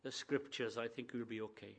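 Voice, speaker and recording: A man preaching a sermon, telling stories and acting out the quoted voices, moving from hushed asides to emphatic declarations. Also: medium pitch, steady tone, a little fast, gravelly.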